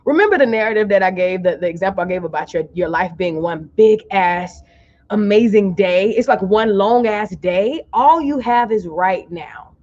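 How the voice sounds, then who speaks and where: A woman coaching viewers live from her webcam, middle-pitched and encouraging. She stretches her affirmations out slowly and calls for replies in the comments. The audio is a little dull and muffled. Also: darkish tone. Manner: encouraging, call-and-response, drawls affirmations slowly. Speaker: life coach. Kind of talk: live-streamed motivational coaching.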